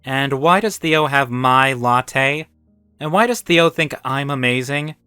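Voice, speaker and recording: A man's voice: mid-range voice, measured pace, bright, forceful tone, smooth, no echo, faint music behind, pitched above the performer's own voice. A man voicing a young boyfriend who teases in an amused way. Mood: teasing. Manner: teasing, amused.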